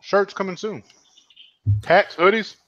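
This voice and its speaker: A man chatting casually on a vape livestream, joking loudly and drawling in slang. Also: high voice, fairly even intonation, slow, dry recording, lo-fi sound. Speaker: vape channel host guest.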